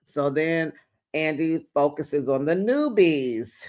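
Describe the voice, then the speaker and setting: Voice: medium pitch, animated, slow. A sassy host doing a casual gossipy recap of a reality show, calling viewers besties and child.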